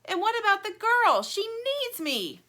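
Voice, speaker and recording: Give me a woman doing a little toy buffalo, high and urgent, pleading, for a storybook. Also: big pitch swings, unhurried, sharp tone, heavily acted. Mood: frantic.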